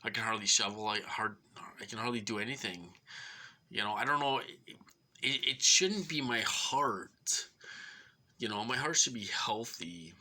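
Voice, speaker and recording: Middle-aged man, bright sharp voice, rambling complaint, short of breath, lots of fillers. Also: fairly low pitch, unhurried. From Minnesota. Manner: rambling, aggrieved, many fillers and restarts. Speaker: vlogger. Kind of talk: rambling personal monologue.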